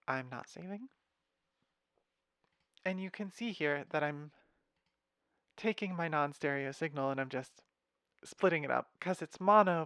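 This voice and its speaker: A young man casually walking through his music software patch, thinking aloud with fillers and wry asides, recorded at his computer. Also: a little high, clean tone, dry recording, clean studio sound. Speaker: music software tutorial host. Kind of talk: casual screen-share walkthrough.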